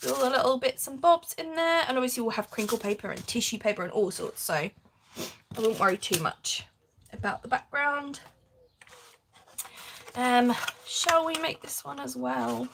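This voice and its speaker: A woman's voice: fairly high pitch, animated, moderate pace, gravelly, pauses often, background noise. Chatty woman crafting live. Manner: chatty, laughs often, reads out viewer comments. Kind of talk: casual chat while crafting.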